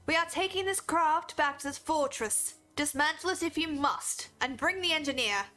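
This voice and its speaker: A woman's voice: sits high, moderate pace, sharp tone, soft background music, pitched above the performer's own voice. A woman putting on a haughty imperial villain. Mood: scornful.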